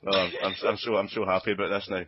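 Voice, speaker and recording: A man's voice: low-pitched, little pitch movement, fast talker, husky, dry recording. A man with a broad Glaswegian accent, co-hosting a casual podcast, giggling and stammering through restarts and a comic rap. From Scotland. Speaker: podcast co-host. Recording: dull, dry lo-fi podcast audio.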